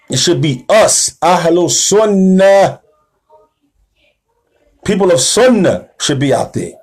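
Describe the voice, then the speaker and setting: Speaking slowly with long pauses, this high, expressive male voice belongs to a religious teacher. His sermon-style lecture is emphatic and slangy, full of check-ins with listeners, and it turns rousing, rising in pitch and volume at the call to action.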